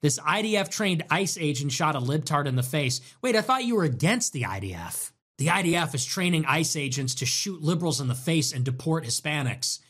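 A man's voice: lively intonation, a little fast, hardly any pauses, breathy edge. Sarcastic man hosting a livestream. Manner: sarcastic, mocking, swings between loud mimicry and low mutters. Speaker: livestream host reading donations. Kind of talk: casual livestream commentary.

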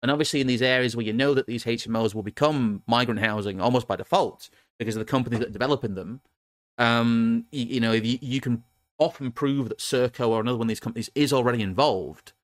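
A man's voice: medium pitch, quick pace, no echo. A man from England hosting a casual political talk show, rambling with frequent restarts and laughs. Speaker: podcast host.

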